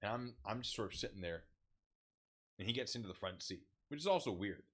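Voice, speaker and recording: A man telling a story in a casual, animated way, laughing and swearing as he goes. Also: fairly low pitch, a little fast.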